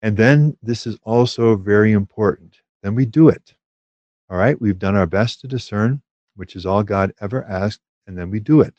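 Male spiritual teacher, low voice, measured and hesitant delivery, dull lo-fi quality. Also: a little mellow, no room sound. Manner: measured, thoughtful, with frequent hesitations. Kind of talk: teaching talk on prayer.

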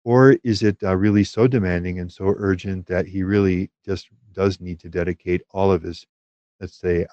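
Male spiritual teacher, low voice, measured and hesitant delivery, dull lo-fi quality. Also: a little mellow, no echo. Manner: measured, thoughtful, with frequent hesitations. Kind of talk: teaching talk on prayer.

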